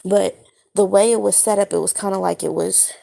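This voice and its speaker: A woman who has just woken up, recounting a dream in a casual monologue, halting and searching for her words with many fillers. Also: mid-range voice, steady tone, creaky, warm tone. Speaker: spiritual vlogger.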